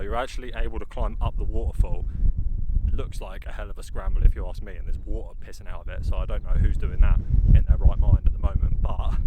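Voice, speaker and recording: Man, hiking vlog, blunt and sweary, mid-pitched voice, heavy wind noise on the mic. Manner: swears freely, blunt and exasperated when lost. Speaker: hiking vlogger. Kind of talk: vlogging while hiking. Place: outdoors in open fields.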